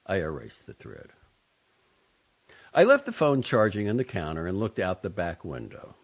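A man narrating an audiobook in a measured, introspective, softly expressive manner. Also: sits low, slightly rough, muffled recording.

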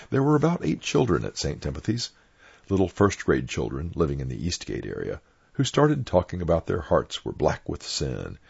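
A deep, gravelly older man tells frank, opinionated stories from his parish days, his pitch swinging widely as he goes. His voice is husky. It sits on a dull, lo-fi oral history recording. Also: darkish tone. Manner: blunt, opinionated storyteller.

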